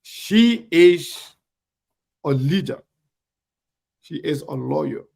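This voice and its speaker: Gravelly man hosting a show. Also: on the high side, expressive, extremely slow, darkish tone. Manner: emphatic, repetitive, speaks directly to viewers. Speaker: online talk show host. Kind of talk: live show shout-outs and commentary.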